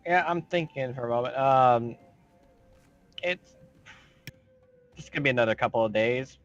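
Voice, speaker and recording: A man's voice: medium pitch, moderate pace, soft background music. Man game master, dull lo-fi audio. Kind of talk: running a tabletop game online.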